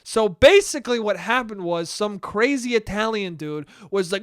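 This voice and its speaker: Young man, solo podcast host, profane rambling, smooth clear voice, dry close sound. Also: high voice, lively intonation, normal speed, hardly any pauses, no room sound. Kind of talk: casual solo podcast monologue.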